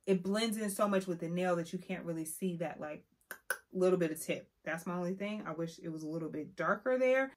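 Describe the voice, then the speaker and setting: A young woman vlogger reviewing press-on nails in a sassy, expressive way, calling her viewers honey. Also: fairly low pitch. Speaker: beauty vlogger. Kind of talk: casual product review.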